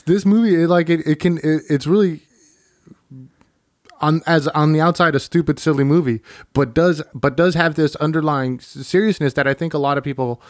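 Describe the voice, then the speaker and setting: A young man hosting a casual chat, rambling, swearing and acting out customers in quick asides. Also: a little high, steady tone, no room sound. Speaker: podcast host.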